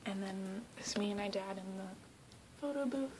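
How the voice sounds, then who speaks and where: A young woman from South Carolina tells a story straight to camera in a casual vlog. She has a mid-pitched voice and talks in an excited, gushing rush, full of "like". Now and then she sinks into hushed, breathy asides. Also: normal speed, noisy background. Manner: excitable, gushing, heavy use of "like". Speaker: vlogger.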